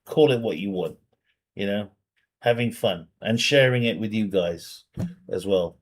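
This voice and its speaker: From his bedroom, a male game streamer gives casual livestream commentary on a strategy game, reading viewer questions aloud, rambling, and laughing at his own jokes. His medium-pitched voice is expressive, a bit bright, and breathy, and he takes it slowly.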